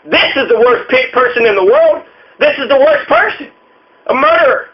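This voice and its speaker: A man's voice: extremely high pitch, lively intonation, moderate pace. A man ranting angrily, swearing and repeating himself as a show host. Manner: furious, swearing, repetitive. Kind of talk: angry profane rant. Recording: muffled lo-fi audio.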